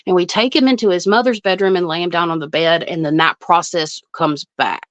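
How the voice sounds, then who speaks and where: A woman's voice: fairly low pitch, a little fast, dry recording. A woman, a psychic medium guest telling a story in casual chat, earnest and emphatic. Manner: earnest, emphatic retelling with frequent restarts.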